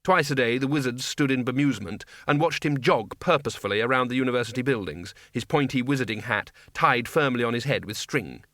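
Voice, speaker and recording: A man narrating an audiobook in a wry, measured storytelling manner. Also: medium pitch, fairly bright tone, no echo, studio quality. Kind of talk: scripted narration.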